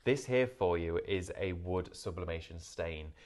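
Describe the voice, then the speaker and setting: A man's voice: sits low, a little slow, darkish tone. A man hosting a live craft shopping show, in an upbeat, salesy patter.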